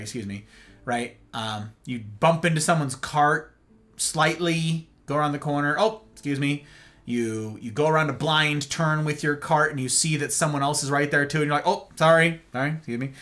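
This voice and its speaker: An American man hosting a livestream monologue, talking in an animated way and often checking in with "right?" and "okay?". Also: a little high. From United States. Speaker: host.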